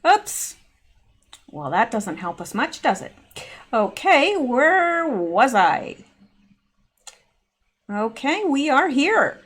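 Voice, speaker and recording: Middle-aged lady, chatty commentary host, wanders off on tangents, voice a touch high. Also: sing-song, drawn-out words, pauses often, a bit bright, slightly rough. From Canada. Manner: chatty, rambling asides. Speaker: channel host. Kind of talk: casual video commentary.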